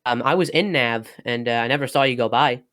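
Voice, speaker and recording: A man's voice: mid-range voice, a little fast, a bit bright. A man in a gaming voice chat, hesitantly working through who he saw. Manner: hesitant, lots of ums while reasoning. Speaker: gamer in a group voice chat.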